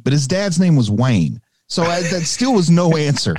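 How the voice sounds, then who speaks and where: A man's voice: fairly high pitch, animated, normal speed, darkish tone, no room sound. A man co-hosting a podcast, explaining things at length in casual chat. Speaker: podcast co-host.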